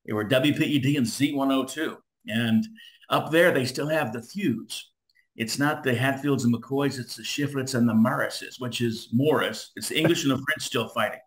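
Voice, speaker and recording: Speaking at a normal speed in a mid-range voice, a middle-aged man from Southern California who used to be a radio DJ shares casual stories during an interview. He livens them up by performing the voices of the characters involved.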